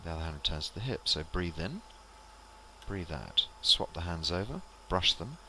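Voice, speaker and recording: A man leading a qigong exercise class, calmly cueing each movement and breath step by step. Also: sits low, moderate pace, slight background noise. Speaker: qigong instructor. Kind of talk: guided exercise instruction.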